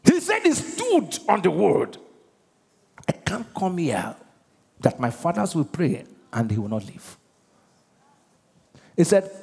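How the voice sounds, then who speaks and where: A man with a Nigerian accent preaching a sermon as pastor, animated and using call-and-response with his congregation. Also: fairly high pitch, slow pace, long pauses. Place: large church auditorium. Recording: husky voice in a reverberant church hall.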